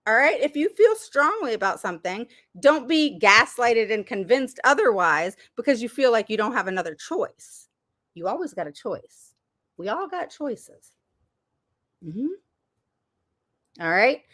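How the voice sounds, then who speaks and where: A woman's voice: a little high, big pitch swings, unhurried, fairly bright tone. A woman hosting a livestream with advice for parents, speaking emphatically and repeating words for stress. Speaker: parent advocate host.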